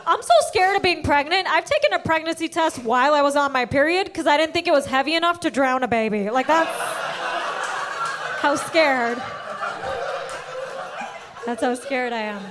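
A young woman of Indian origin performing a stand-up set, telling a story with animated bursts on the punchlines. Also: high-pitched, moderate pace, pauses often. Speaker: stand-up comedian. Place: comedy club stage. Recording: noisy club recording.

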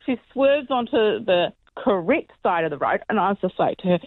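A New Zealand woman calls into a radio show, her voice coming through a thin, tinny phone line with no room sound at all. She tells her story with animated energy and keeps checking that the listener is following. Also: lowish voice, a little fast, dry recording. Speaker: radio caller.

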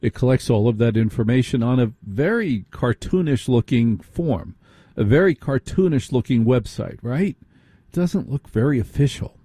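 A man hosts a late-night radio talk show with a mellow, husky voice. He talks to listeners in a chatty way and keeps asking them questions. The studio sound is dry and close. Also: mid-range voice, lively intonation, normal speed, no echo. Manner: conversational, addresses listeners directly with rhetorical questions. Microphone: studio microphone.

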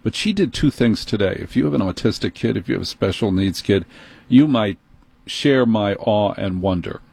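A husky-voiced radio host with a New York accent, close on a studio mic in a dry booth. He tells his story in an animated, indignant way. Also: fairly low pitch, normal speed, no room sound. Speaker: radio talk show host. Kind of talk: call-in talk radio monologue. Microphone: studio microphone.

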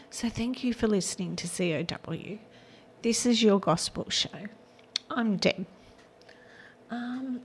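A woman's voice: mid-range voice, slight background noise. A woman hosting a gospel radio show, giving an earnest, personal devotional message that often drops to a near whisper.

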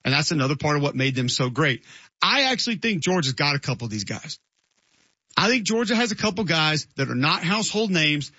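A man's voice: fairly high pitch, sing-song, a little fast, bright, forceful tone, breathy edge, no echo, highs cut off. A man hosting a sports radio show, giving conversational, opinionated takes. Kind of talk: radio talk show monologue.

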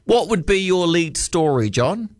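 High-voiced New Zealand talkback host. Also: male voice, very animated, measured pace, dry recording, clean studio sound. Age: middle-aged. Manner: teasing, talks over the caller. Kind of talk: casual talkback chat.

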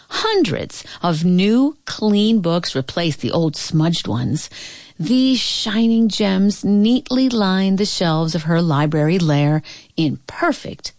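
A woman reading a picture book aloud in an expressive, playful way. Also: on the low side, no room sound. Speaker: storybook reader.

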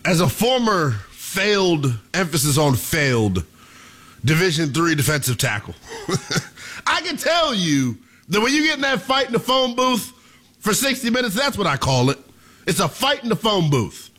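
A young man hosting sports talk radio, delivering a theatrical monologue that he keeps addressing to the listeners as ladies and gentlemen. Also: sits high, big pitch swings, moderate pace.

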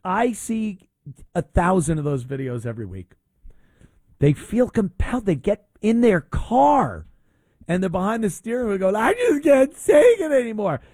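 Mocking male talk host, lively pitch. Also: moderate pace, no room sound. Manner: mocking, rambling with fillers. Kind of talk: opinionated talk show monologue.

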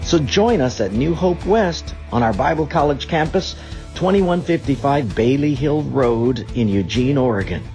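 A male pastor reading a scripted invitation to his church in a warm, inviting way. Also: medium pitch, expressive, normal speed, faint music behind. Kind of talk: scripted promo.

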